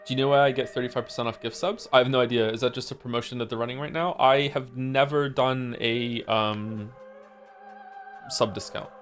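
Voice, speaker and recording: A man's voice: medium pitch, steady tone, a little fast, soft background music. A man streaming from home, chatting casually with his viewers, rambling with many fillers and restarts. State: losing his voice. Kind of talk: casual chat with chat.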